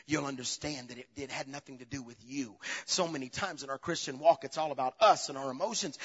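A man preaching a sermon as pastor, swinging between loud, animated passages and low, quiet asides. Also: brisk, few pauses, husky. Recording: dull, long reverb of a large hall.

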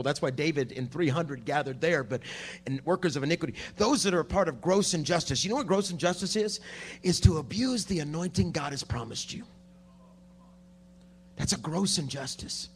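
A man preaching a sermon at a conference, dropping to a hush and then rising to shouting. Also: on the high side, a little hiss or hum. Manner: swings from hushed to shouting preaching. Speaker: pastor. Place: conference hall.

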